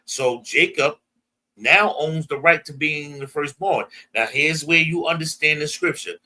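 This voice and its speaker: A man's voice: fairly high pitch, measured pace, sharp tone. A man with an American accent teaching a bible class, emphatic, prompting a reader and retelling verses in everyday slang. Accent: American English. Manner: emphatic, call-and-response, paraphrases verses in slang.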